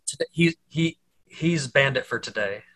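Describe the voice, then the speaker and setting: Bright-voiced podcast host, emphatic. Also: male voice, medium pitch, expressive, moderate pace, rough recording. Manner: emphatic, swears casually. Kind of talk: casual chat.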